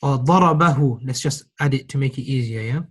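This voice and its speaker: A man's voice: mid-range voice, a little fast, breathy edge. A man teaching an Arabic grammar class, patiently repeating key phrases and praising his students. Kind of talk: classroom lesson.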